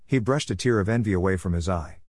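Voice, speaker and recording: A man's voice: low voice, quick pace, darkish tone, no echo, clean studio sound. A man narrating a story for a podcast with wry, humorous asides.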